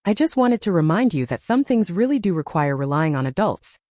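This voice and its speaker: A woman voicing a gentle, slightly guilty adult man looking after a child. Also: lowish voice, very animated, fairly quick, dry recording, clean studio sound.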